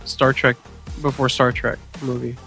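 A man with an average pitch chats offhandedly as co-host, hedging his claims as he goes. Faint music sits in the background. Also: flat delivery, measured pace, vocal fry, sharp tone. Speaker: podcast co-host. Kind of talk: casual chat.

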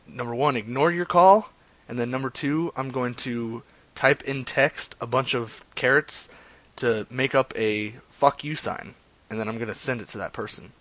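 A man's voice: mid-range voice, fairly bright tone. A man hosting a live stream, chatting in a rambling, crude, joking way between prank phone calls. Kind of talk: casual profane streaming chat.

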